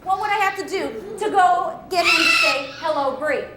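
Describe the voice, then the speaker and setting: High-voiced woman teaching kids about animals. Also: brisk, reverberant, very noisy. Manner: upbeat, asks the audience questions, laughs often. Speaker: wildlife educator. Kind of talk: live animal presentation to an audience of children.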